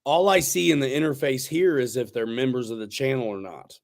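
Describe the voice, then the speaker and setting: A man's voice: mid-range voice, a little fast, gravelly. A man hosting a casual livestream chat, talking in a laid-back, slangy, rambling way with restarts. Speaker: host.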